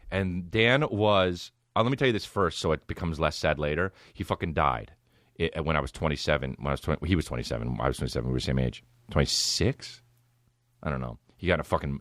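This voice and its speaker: A man's voice: rumbling low, fairly bright tone, no room sound, studio quality. A man in his thirties hosting a podcast, telling a rambling, profane, laid-back comedic story. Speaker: podcast host.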